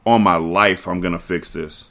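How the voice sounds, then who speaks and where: A man reading the lines of a tormented gangster boss in a low, hushed voice. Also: steady tone, moderate pace. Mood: resolute.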